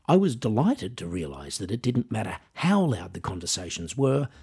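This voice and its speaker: Aussie guy doing his solo podcast, really husky low voice, wry and musing. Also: darkish tone. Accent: Australian. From Australia. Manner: wry, self-deprecating, musing. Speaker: podcast host and musician. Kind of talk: scripted solo monologue.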